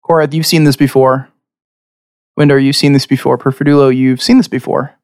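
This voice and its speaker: A man narrating and ruling as game master of a tabletop game, quick and animated as he describes the scene. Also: medium pitch, clear, resonant tone, no echo, clean studio sound.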